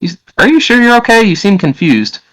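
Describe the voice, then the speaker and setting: A man putting on a doting, high-pitched cabin mother. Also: very animated, a little fast, fairly bright tone, low-quality recording. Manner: sweet, doting, calls him honey. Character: cheerful motherly woman in a cabin.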